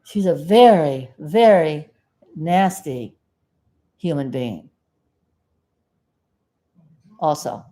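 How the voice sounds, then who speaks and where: This South Florida woman has a deep, expressive voice and speaks slowly while vlogging casually to camera. Folksy and rambling, she talks aside to her dog, sometimes blurting something loudly and then apologizing sheepishly.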